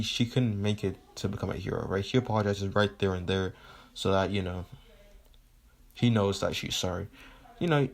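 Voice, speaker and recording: A man casually retelling a fan story, rambling and leaning on fillers like "right?" and "you know", with the odd swear. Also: fairly low pitch.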